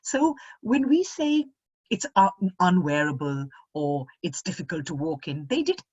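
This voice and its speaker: A middle-aged woman from India, chatting as a guest in an expressive, animated way over a video call. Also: fairly low pitch, measured pace, breathy edge, no echo, muffled recording. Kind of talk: casual conversation.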